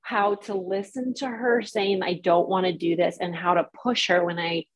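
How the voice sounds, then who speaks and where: A woman co-hosting a podcast, telling a rambling, animated story in casual chat. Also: lowish voice, normal speed, breathy edge, low-quality recording. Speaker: podcast co-host.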